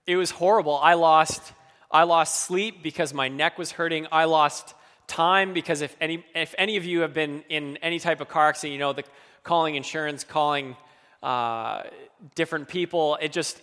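A man's voice: a little high, fairly even intonation, normal speed, pushed and bright, clean tone. A man preaching a sermon in an earnest, personal way, acting out quoted pleas with feeling. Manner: earnest, acts out quoted pleas with rising emotion. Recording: long hall reverb.

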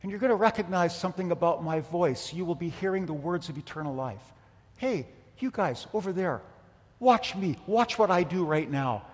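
Gentle, inviting Jesus, as a preacher puts him on. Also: male voice, a little high, natural voice. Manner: soft, coaxing, speaking directly to listeners. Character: gentle inviting Jesus, grown man, humble and kind. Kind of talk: sermon. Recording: long hall reverb.

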